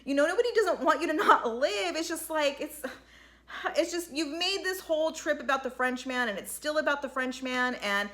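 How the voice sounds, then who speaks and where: Bright high-voiced woman ranting in a recap. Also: normal speed. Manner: rambling, exasperated, quoting the cast in voices. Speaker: reality TV recap vlogger. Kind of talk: casual recap commentary.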